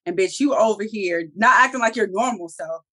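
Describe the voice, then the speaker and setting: A woman co-hosting a review show in casual chat, talking in an animated, profane way and acting out characters' lines. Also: medium pitch, fairly quick. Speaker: TV review podcast co-host.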